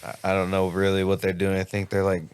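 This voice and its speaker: A man's voice: sits low, completely flat delivery, fast, darkish tone, clear, resonant tone. A young man guesting on a podcast, laid-back and offhand in casual chat.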